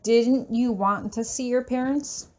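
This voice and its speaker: A woman voicing a calm, stern male professor. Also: a little high, unhurried, close to an everyday voice. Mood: calm, firm.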